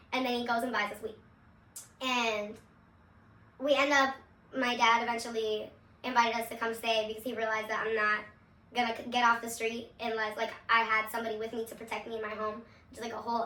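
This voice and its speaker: A woman's voice: on the high side, little pitch movement, a little fast, sharp tone, recorded from a distance. A young woman from Seattle telling her personal testimony, candid and casual, swearing freely and laughing often. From Seattle, USA. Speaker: vlogger. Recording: echoey room, voice away from the mic.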